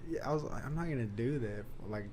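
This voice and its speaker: A young man swaps stories on a podcast in a loose, profane, easygoing way, laughing as he goes. His voice sits at an ordinary pitch, and faint noise hums in the background. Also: fast talker, darkish tone. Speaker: podcast host. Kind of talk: casual storytelling chat.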